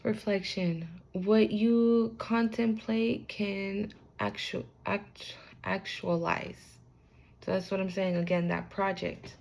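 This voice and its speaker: A woman's voice: mid-range voice, flat delivery, slow pace, creaky, a little mellow, a little hiss or hum. A young woman giving a casual spiritual card reading to the camera, talking in a loose, slangy way, swearing freely and speaking straight to the viewer.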